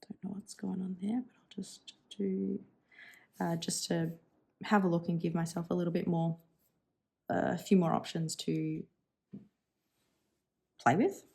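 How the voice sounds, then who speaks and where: A woman's voice: lowish voice, flat delivery, measured pace, vocal fry, pauses often, mellow, breathy edge. A woman in her thirties chatting casually and thinking aloud while swatching inks for her channel, musing and self-deprecating. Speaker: stationery vlogger.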